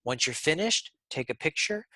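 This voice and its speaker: A man teaching a pronunciation lesson, speaking deliberately and repeating sounds for learners. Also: on the high side, sing-song, sharp tone, no room sound.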